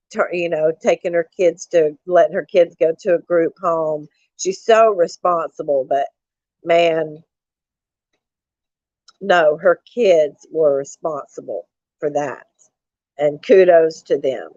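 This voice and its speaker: A woman's voice: low-pitched, no echo. A woman on a live stream talking angrily and profanely to her viewers, repeating herself and calling them y'all. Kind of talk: casual ranting live stream. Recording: dull lo-fi dry sound.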